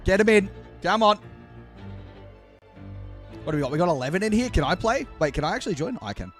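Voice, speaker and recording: A male streamer with a high, worn-out hoarse voice, chatting casually with his viewers while fiddling with setup. Faint music plays behind him. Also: big pitch swings, fairly quick, fairly bright tone. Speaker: live streamer hosting a watch party. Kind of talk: live stream chat.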